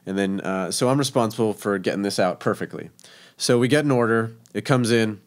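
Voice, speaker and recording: A man's voice: lowish voice, fairly quick. A man, a professional chef from Texas, telling stories in a casual interview, chatty and laughing, with many fillers.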